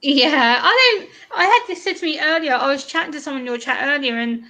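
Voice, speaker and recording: Woman, eastern English accent, casual live-stream chat, laughs a lot, fairly high pitch. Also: animated, fairly quick, pushed and bright. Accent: English, eastern England. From England. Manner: chatty, laughs often, restarts sentences. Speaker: guest YouTuber.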